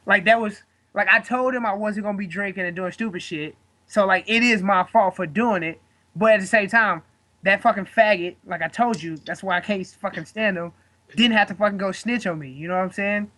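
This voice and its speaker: A man's voice: high voice, a little fast, bright, forceful tone. A man in his twenties, a guest fighter, telling a story in casual chat, rambling and swearing with lots of fillers.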